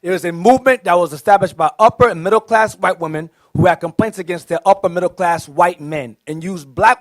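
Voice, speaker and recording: A man's voice: high-pitched, a bit bright, dry recording. A man speaking as a deacon, assertive and lecturing on a preaching panel.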